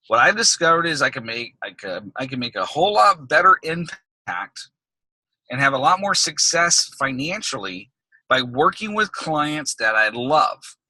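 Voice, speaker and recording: Guy coaching on a group call, keeps saying okay?, fairly high voice, dead dry sound. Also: pushed and bright, no echo, rough recording. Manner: emphatic, conversational, repeats points with "okay?". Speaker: business coach. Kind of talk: recorded group call teaching.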